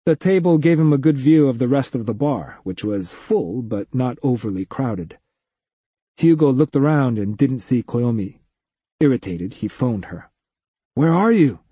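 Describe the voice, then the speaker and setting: Man, audiobook narrator, lively pitch, dry close sound. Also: moderate pace, breathy edge, no echo. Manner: expressive storytelling. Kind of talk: scripted narration.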